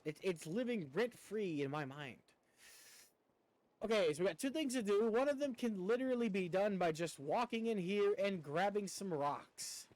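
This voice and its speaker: A man with a high, animated, somewhat dark-toned voice streams a video game at a moderate pace. His casual commentary rambles and stammers, and he keeps poking fun at himself.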